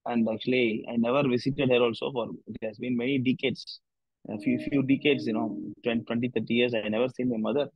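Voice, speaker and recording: A man's voice: medium pitch, steady tone, fairly quick, breathy edge, dry recording, lo-fi sound. A man, a spiritual teacher leading a discussion group, telling a devotional story in a loose, rambling way with many "you know" fillers.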